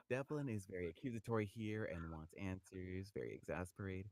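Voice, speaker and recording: A man co-hosting a podcast, chatting casually and laughing often, breaking into loud shouted audition lines. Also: deep voice, fairly quick, few pauses, dry recording. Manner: animated, laughs often, bursts into shouted character reads. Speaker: podcast co-host, voice actor. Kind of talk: casual chat with live audition reads.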